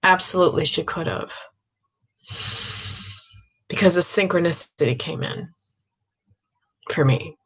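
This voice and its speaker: A woman's voice: on the low side, a little slow, long pauses, fairly bright tone, slightly rough. A woman speaking as a psychic medium in a casual monologue, earnest and rambling, with many fillers and restarts, sounding tired. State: tired, low stamina.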